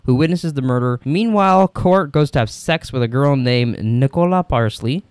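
A man's voice: mid-range voice, expressive, normal speed, a little mellow, clear, resonant tone, dry recording. A man co-hosting a podcast, casually recapping a film's plot, laughing often and slipping into silly voices for the characters. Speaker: podcast co-host.

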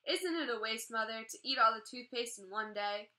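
A woman's voice: fairly high pitch, normal speed, bright, forceful tone. A woman voicing a bossy little girl who tattles on her brother, prim and insistent.

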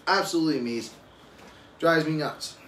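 A man's voice: on the high side, a little fast, fairly bright tone. A young adult man and father talking casually on a live stream, telling rambling, profane stories. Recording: roomy echo with faint ambient noise.

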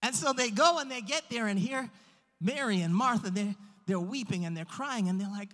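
A preacher delivering a sermon in a church, with emphatic, drawn-out stresses on key words. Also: medium pitch, a bit bright. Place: church sanctuary. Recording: long church hall reverb.

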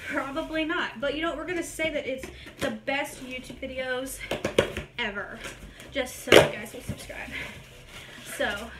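A woman's voice: high voice, a little slow, pauses often, heavy background noise. A young woman chatting casually in a try-on haul vlog at home, slightly out of breath and poking fun at herself. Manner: chatty and self-mocking; talks standing up. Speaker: YouTuber. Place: at home, indoors. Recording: roomy echo.

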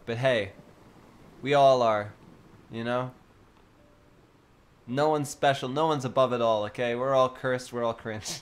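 A man's voice: medium pitch, a little hiss or hum. A young man chatting casually with his live-stream audience, joking around and laughing often.

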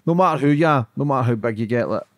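A man's voice: medium pitch, lively intonation, very fast, dry recording, clean studio sound. A man hosting a podcast, blunt and sweary, agreeing with his guest. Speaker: podcast host. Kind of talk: casual interview chat.

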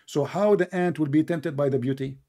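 A man argues in a heated online debate, his voice sitting a bit high. He is sarcastic and mocking, and he talks over the other side in broken English. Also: brisk, dark tone. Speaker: debate host.

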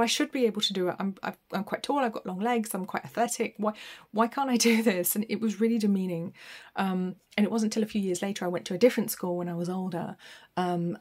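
A woman's voice: mid-range voice, darkish tone. A middle-aged woman doing a tarot reading in a chatty, rambling way, with frequent laughs. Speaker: tarot reader. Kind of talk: casual spoken reading.

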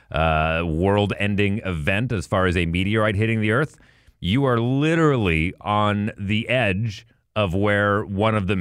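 A man's voice: sits low, a bit bright, clear, resonant tone, no echo, clean studio sound. A man co-hosting a podcast, chatting casually and going off on enthusiastic tangents to explain trivia. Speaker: podcast co-host.

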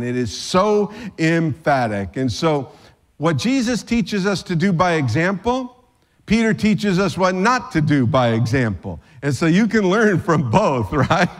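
A man's voice: a little high, animated, a little slow. Chatty man pastor preaching. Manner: conversational, joking asides. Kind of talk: sermon.

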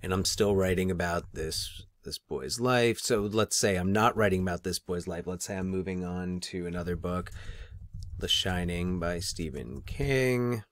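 Deep-voiced guy teacher doing a screen tutorial, laid back, thinking out loud, dry close mic. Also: measured pace, no room sound. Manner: relaxed, thinking aloud while clicking through.

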